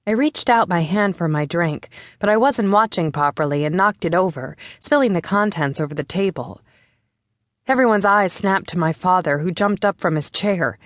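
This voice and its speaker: A woman narrating a first-person novel in a steady, measured way. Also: fairly low pitch, no echo. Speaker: audiobook narrator.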